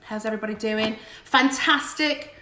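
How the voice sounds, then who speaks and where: Woman, high voice, chatty and joking, a little tipsy, home livestream in an echoey room. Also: normal speed, sharp tone, a little hiss or hum. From Queensland, Australia. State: slightly tipsy. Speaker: livestream singer. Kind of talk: casual livestream chat. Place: her house, indoors. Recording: echoey room with backing music.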